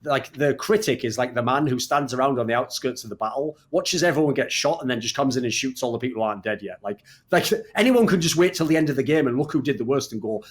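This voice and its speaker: A man's voice: fairly high pitch, expressive, fast, hardly any pauses. A man hosting a casual esports podcast, talking emphatically and bluntly, swearing freely as he argues his point. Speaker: podcast host.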